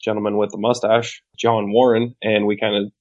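A man guest on a podcast, telling a story in a loud, outgoing, wisecracking way. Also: on the low side, flat delivery, normal speed. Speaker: podcast guest, competitive shooter. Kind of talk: casual storytelling. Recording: muffled lo-fi sound.

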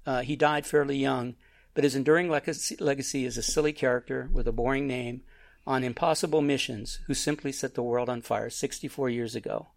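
A man's voice: medium pitch, fairly even intonation, brisk, gravelly. A man hosting a casual film chat, rambling and restarting his sentences. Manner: rambling, self-interrupting.

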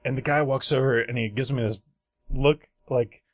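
A man's voice: mid-range voice, moderate pace, no echo. Rambling young guy telling a gross story on a podcast, slips into voices for people, laughs at himself, dead dry sound. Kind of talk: casual storytelling chat.

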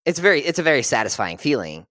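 Lively laughing podcast guest, a man. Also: medium pitch, fast, dry recording, studio quality. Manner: animated storyteller who laughs often and acts out quotes. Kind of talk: casual podcast chat.

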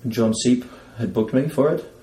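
A man from Belgium, a street performer, telling anecdotes in a relaxed, casual interview. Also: mid-range voice, normal speed. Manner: relaxed anecdotal, laughs at own story. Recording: roomy echo.

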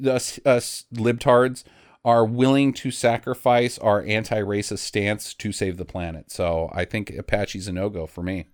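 A man's voice: lowish voice, steady tone, measured pace, no room sound, studio quality. A man hosting a casual comedy podcast, joking and laughing, often slipping into mock voices. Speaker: podcast host.

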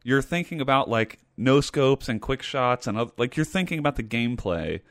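A man co-hosting a gaming podcast, speaking in casual chat. He is animated and emphatic and repeats points for effect. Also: medium pitch, normal speed, no room sound, clean studio sound. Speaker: podcast host.

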